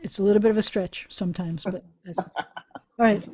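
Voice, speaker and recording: A woman's voice: medium pitch, brisk, mellow, slightly rough. Chatty woman rabbi teaching online. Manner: chatty, encouraging, laughs often. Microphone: video call.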